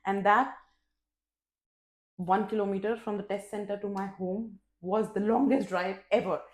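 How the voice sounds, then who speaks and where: A woman vlogger telling a personal story in a candid, expressive, casual way, swearing freely and poking fun at herself. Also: medium pitch, unhurried. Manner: candid and expressive, with frequent swearing and self-mocking humor. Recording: roomy echo.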